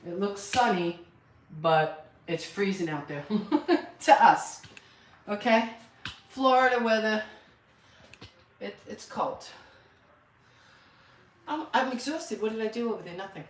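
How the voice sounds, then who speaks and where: A woman's voice: mid-range voice, expressive, takes it slowly, long pauses, a little hiss or hum. An older woman chatting casually on a live stream, counting out exercise reps and rambling about her day. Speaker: lifestyle channel host. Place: home room with a mirror. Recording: echoey room, voice from a distance.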